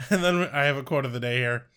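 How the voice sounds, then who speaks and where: A man co-hosting a podcast, recapping an episode excitedly, swearing and laughing often. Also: medium pitch, fairly quick, clear, resonant tone. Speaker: podcast co-host. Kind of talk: casual recap chat.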